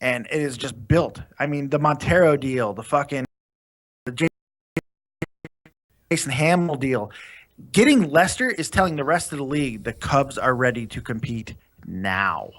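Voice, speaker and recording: Man in his 30s, hyped fan co-host, bright and forceful, swears freely. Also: medium pitch, animated, moderate pace. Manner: loud, profane, hyped-up fan talk. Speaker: podcast co-host. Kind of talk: casual sports chat.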